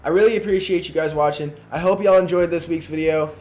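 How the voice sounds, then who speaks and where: A man recapping a TV episode in a casual, chatty way, full of fillers and growing excitement. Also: a little high, fast, faint music behind. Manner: chatty, fills talk with "you know" and "like", grows excited. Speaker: YouTube show reviewer.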